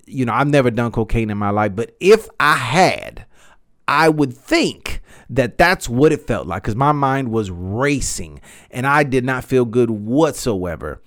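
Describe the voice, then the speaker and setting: Male podcast host, 30s, medium pitch, loose swearing storyteller. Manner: rambling, animated, swears freely, says "man" and "you know" a lot. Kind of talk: casual storytelling monologue.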